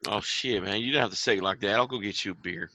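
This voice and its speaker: A man playing a tabletop role-playing game, answering in a brash, animated way. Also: lowish voice, fast talker, no echo.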